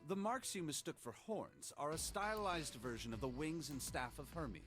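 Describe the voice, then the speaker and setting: A man voicing a calm, learned man who speaks in a measured, precise way, in a fan reading of a game. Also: on the high side, soft background music. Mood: composed.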